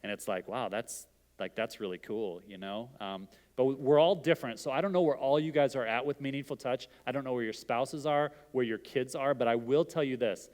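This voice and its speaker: A man's voice: medium pitch, fairly quick, darkish tone. A middle-aged man giving an interactive sermon, talking casually and asking the audience questions. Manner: conversational, asks the audience questions. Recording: long hall reverb.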